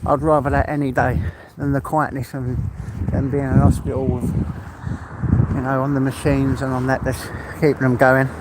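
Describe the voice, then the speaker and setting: A man's voice: mid-range voice, flat delivery, moderate pace, very noisy. An older man, chatting casually and heartfelt on a live stream, rambling and laughing often. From England.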